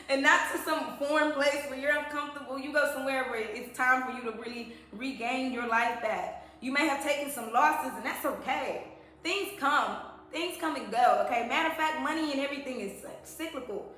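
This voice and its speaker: High bright-voiced woman reading tarot. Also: normal speed. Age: 30s. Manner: chatty, emphatic, addresses viewers as y'all. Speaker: tarot reader. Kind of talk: casual spiritual tarot reading to viewers. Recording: very echoey room.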